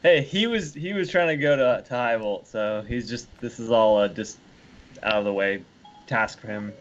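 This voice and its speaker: A man playing a tabletop game who speaks haltingly and in character. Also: medium pitch, muffled recording. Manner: slow, halting, with restarts. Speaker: player. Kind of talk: tabletop role-play in character.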